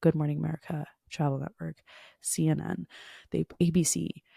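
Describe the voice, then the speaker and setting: A woman's voice: low voice, little pitch movement, normal speed, creaky, mellow, breathy edge, dry recording, clean studio sound. A woman hosting a podcast, telling a frustrated story in a casual monologue full of fillers. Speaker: podcast host.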